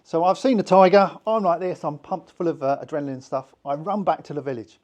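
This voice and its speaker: A man's voice: a little high, fast, darkish tone, highs cut off. A man with a British accent teaching hypnosis to a small group in a chatty, informal way, acting out little voices in his examples. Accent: British English. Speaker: hypnosis instructor.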